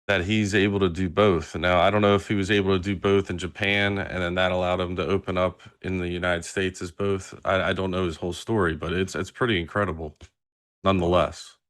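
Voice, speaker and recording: A man's voice: low voice, level tone, a little fast, fairly bright tone. A man co-hosting a talk show in casual chat, teasing and joking.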